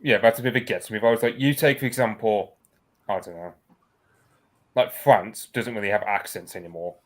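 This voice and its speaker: A man with a mild Birmingham accent chats casually as a guest. His voice is very low, and he rambles through his points with plenty of fillers. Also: brisk. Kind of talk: casual podcast chat.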